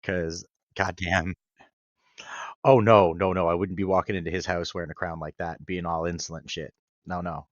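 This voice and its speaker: A man's voice: deep voice, level tone, moderate pace, no echo, highs cut off. A man co-hosting a podcast, making casual wisecracks and joking asides. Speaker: podcast co-host.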